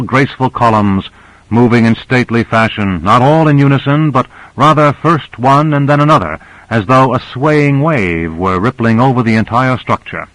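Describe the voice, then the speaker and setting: A man reads a story aloud in steady, measured audiobook narration. His voice sits in a middle pitch. The recording is dry and close. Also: no echo, rough recording.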